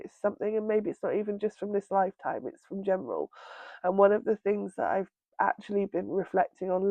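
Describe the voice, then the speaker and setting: A woman sharing a personal healing story at home, talking in a tender, halting way with many pauses, tearful with red, itchy eyes. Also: medium pitch, creaky, no echo, narrow, tinny audio. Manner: tender, halting, pausing often with ums. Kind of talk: reflective personal monologue. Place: indoors at home by a window.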